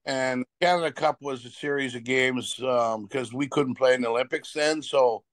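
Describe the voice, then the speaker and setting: Here a man in his seventies, once a hockey player, tells casual stories during an interview at a normal speed, his mid-range voice captured in a dry recording. His telling wanders, circles back on itself, and includes acted-out quotes.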